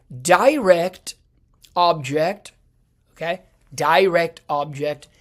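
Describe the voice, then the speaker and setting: A man giving a video lecture on Italian grammar, speaking deliberately with many pauses, fillers and restarts. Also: fairly high pitch. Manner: deliberate, halting with frequent fillers and repeats.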